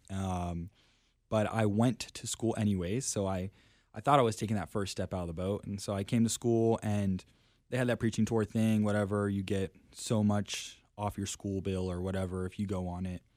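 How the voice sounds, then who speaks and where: Low-voiced young man telling stories. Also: a little mellow, no echo, clean studio sound. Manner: self-deprecating, laughs often, lots of fillers. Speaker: podcast guest. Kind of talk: casual storytelling chat.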